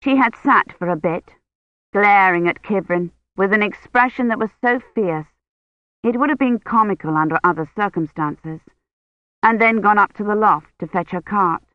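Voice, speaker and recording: A woman reading a novel aloud as narrator in a calm, measured way. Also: mid-range voice, no echo. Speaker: audiobook narrator. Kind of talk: scripted narration. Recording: tinny phone-like line.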